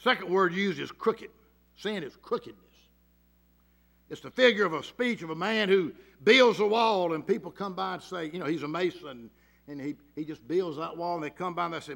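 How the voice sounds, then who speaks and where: A man preaching a sermon, swinging from loud emphasis to hushed tones and acting out the voices in his stories. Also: sits high, fairly quick, gravelly. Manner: acts out quoted voices in storytelling.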